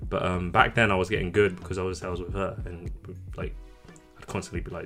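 A young man from London, co-hosting a casual podcast and telling stories in an animated way, swearing freely and acting out what people said. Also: deep voice, fast talker, faint music behind. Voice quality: swears freely, animated storytelling with acted-out quotes. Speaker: podcast co-host. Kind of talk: casual chat.

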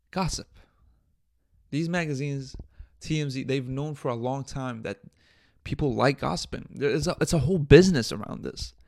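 A man's voice: medium pitch, creaky, a little mellow. A man hosting his own podcast, talking bluntly and profanely in a casual, exasperated rant. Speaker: podcast host.

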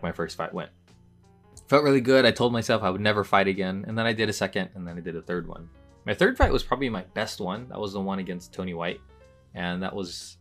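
A young man with a deep, low-pitched voice recounts a personal story in a loose, rambling way, leaning on "like" as a filler. His voice leaps up when he relives tense moments, then drops back to an easy murmur. Soft music plays faintly behind him. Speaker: podcast host. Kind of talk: casual storytelling monologue.

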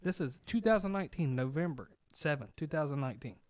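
A man co-hosting a podcast, telling a story in a loud, profane, laughing way and mimicking the people in it. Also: a little high, lively intonation, quick pace, no echo. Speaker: podcast co-host. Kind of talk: casual storytelling chat.

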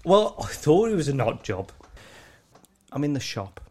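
A man's voice: fairly high pitch, very animated, measured pace, a little mellow, husky. Man, Black Country accent, podcast co-host, sweary, laughing storyteller, casual chat. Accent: Black Country English. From Black Country, England.

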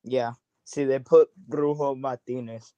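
Terse caller man with mellow tone. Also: mid-range voice, fairly even intonation, a little slow, no echo, muffled recording. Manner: terse, short answers. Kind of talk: casual sports chat.

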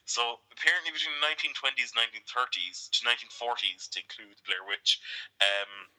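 A man co-hosting a casual podcast chat, animated and laughing, often acting out the characters he describes. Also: medium pitch, quick pace, poor audio. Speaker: podcast co-host.

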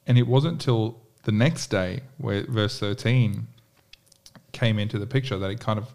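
Animated man in casual bible talk. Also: on the low side, measured pace, gravelly. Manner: animated, emphatic, rhetorical questions. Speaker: bible study co-host.

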